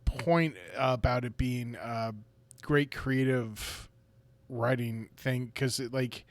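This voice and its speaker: A man at an average pitch talks slowly and hesitantly, often restarting his sentences. His voice sounds close and dry, with no room around it. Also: steady tone, no room sound. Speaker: podcast co-host, dungeon master. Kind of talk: casual chat.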